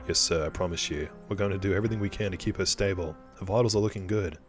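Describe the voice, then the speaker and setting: A man voicing a calm male paramedic in a game, steady and professional. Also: deep voice, fast, faint music behind, close to an everyday voice. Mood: reassuring.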